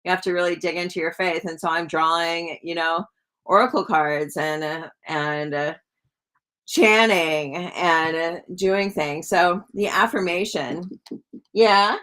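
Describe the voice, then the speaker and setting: A woman's voice: fairly low pitch, unhurried, fairly bright tone. A woman hosting a psychic live stream, rambling casually with lots of "like" and asking her viewers questions.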